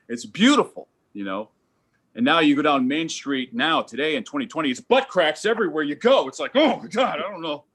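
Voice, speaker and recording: A middle-aged man doing a rambling stand-up set over a video call, animated and prone to loud exasperated outbursts. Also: mid-range voice. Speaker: stand-up comedian. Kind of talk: virtual open-mic stand-up set. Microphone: home video call mic.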